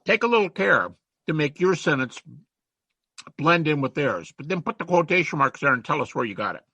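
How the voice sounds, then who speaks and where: A man giving an online lecture, animated and chatty, reciting rhymes and quotes as he teaches over a video call. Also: fairly high pitch, brisk, breathy edge, no room sound.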